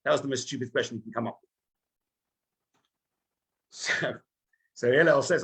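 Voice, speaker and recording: A man teaching as a rabbi in a lively sermon, telling stories and speaking straight to his listeners. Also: mid-range voice, moderate pace, long pauses, husky. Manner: animated storytelling, addresses listeners directly.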